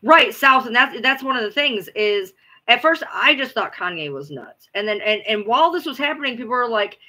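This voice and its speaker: A woman's voice: a little high, lively intonation, brisk, sharp tone. A woman host chatting casually with viewers, rambling, repeating herself and swearing now and then. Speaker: livestream host. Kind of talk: casual chat answering viewers.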